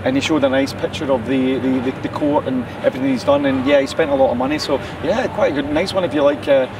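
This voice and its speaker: A man's voice: medium pitch, fast, distant mic, background noise. A man co-hosting a local what's-on show, rambling casually and laughing easily. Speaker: co-host. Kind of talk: casual chat show banter.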